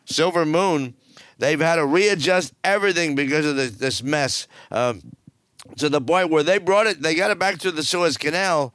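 A man's voice: a little high, moderate pace, a bit bright, dry recording, studio quality. An older man hosting a cruise news show, giving blunt, rambling and jokey commentary full of fillers.

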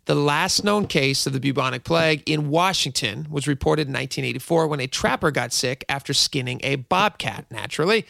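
A middle-aged radio host rambles through a long story full of asides in a casual talk-radio monologue. His voice is fairly high, gravelly, and a bit bright, recorded in studio quality with no echo.

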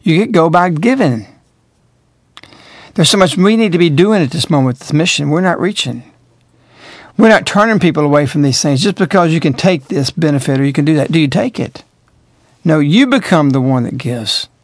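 A man's voice: a little high, lively intonation, moderate pace, no room sound, clean studio sound. A man hosting a radio talk show, delivering emphatic, moralizing commentary full of rhetorical questions.

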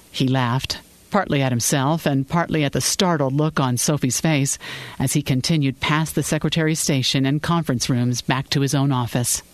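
An audiobook narrator reading a story in a measured storytelling way, close to the mic. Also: mid-range voice, steady tone, no room sound. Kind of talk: scripted narration.

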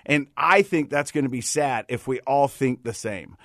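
A man's voice: medium pitch, normal speed, dry recording. Middle-aged male podcast co-host, chatty storyteller, dry close sound. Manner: storytelling, warm-hearted, says "you know" a lot. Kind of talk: casual chat.

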